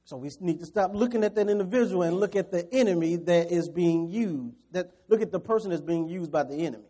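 A man preaching a sermon. He moves between quiet scripture reading and loud, quick preaching, with chuckles as he addresses the congregation. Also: high-pitched. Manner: chuckles between points and talks straight to the congregation.

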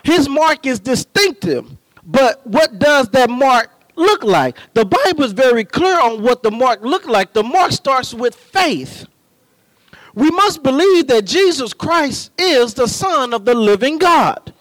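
High-voiced impassioned preacher man. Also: big pitch swings, dry recording, low-quality recording. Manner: impassioned, rising to shouts and drawn-out emphasis. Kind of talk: sermon.

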